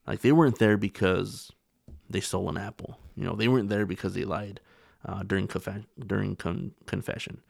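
A man's voice: deep voice, steady tone, moderate pace, creaky, darkish tone, no echo, studio quality. A man co-hosting a podcast, talking earnestly in a casual discussion, often restarting his phrases. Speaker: podcast co-host.

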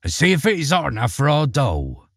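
A man's voice: mid-range voice, huge pitch swings, fairly quick, vocal fry, husky, dry recording, studio quality, voice pushed up, full character voice. A man voicing a wicked, hungry old witch woman in a storybook reading, sneering and bossy. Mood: scheming.

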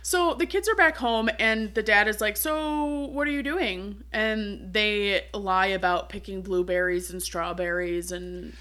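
A woman's voice: mid-range voice, a little slow, hardly any pauses, sharp tone. A woman co-hosting a podcast, recapping a film in casual chat with dry, wry humor. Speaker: podcast co-host.

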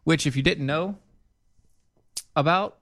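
A man co-hosting a casual podcast chat, animated and jokey, jumping up in pitch for emphasis. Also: slow. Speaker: podcast co-host.

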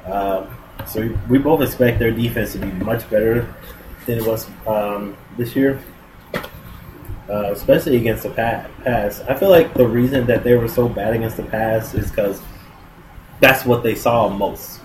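A man co-hosting a casual sports chat, relaxed and joking as he runs through a team's schedule. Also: on the low side. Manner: relaxed, joking, lists teams quickly. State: hiccups. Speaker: podcast co-host. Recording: noticeable background noise.

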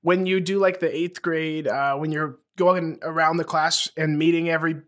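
A man's voice: on the high side, little pitch movement, moderate pace, a bit bright. A man co-hosting a podcast, telling anecdotes in a laid-back way and laughing easily. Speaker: podcast co-host. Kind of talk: casual chat.

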